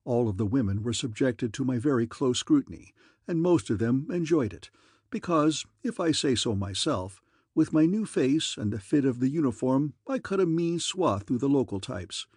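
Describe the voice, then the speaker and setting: A man's voice: mid-range voice, animated, moderate pace, darkish tone, slightly rough, dry recording, studio quality. A man reading an audiobook in wry, easygoing first-person narration.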